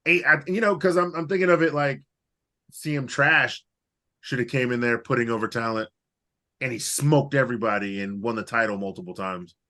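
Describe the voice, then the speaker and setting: A man co-hosting a podcast in casual chat, animated and profane, rambling through his points. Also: medium pitch, normal speed. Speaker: podcast co-host.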